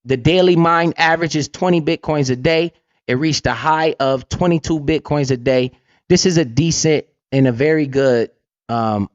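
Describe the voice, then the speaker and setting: A man with a mid-range voice, a livestream host and crypto investor, talks bluntly on a casual stream, swearing a lot and repeatedly asking "right?". The sound is lo-fi without echo.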